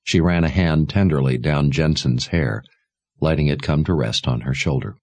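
A man narrating a novel aloud in a measured, expressive storytelling manner. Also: rumbling low, dry recording. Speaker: audiobook narrator. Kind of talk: scripted narration.

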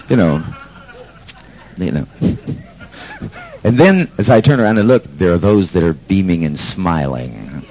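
A man's voice: sits low, lively intonation, unhurried, pauses often, darkish tone, low-quality recording. A man telling a story to an audience in a brash, sardonic way, swearing freely. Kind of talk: profane storytelling talk.

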